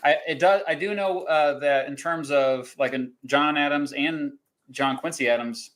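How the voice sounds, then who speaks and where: A man's voice: a little high, normal speed, fairly bright tone, poor audio. Host, man, casual chat, rambling delivery with chuckles and fillers. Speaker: podcast host running a quiz.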